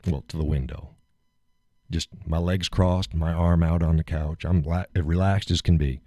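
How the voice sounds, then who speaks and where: A man's voice: low voice, fairly even intonation, moderate pace, dark tone, no echo. A middle-aged man hosting a live show, casually retelling a story, acting out quotes, swearing freely and laughing often.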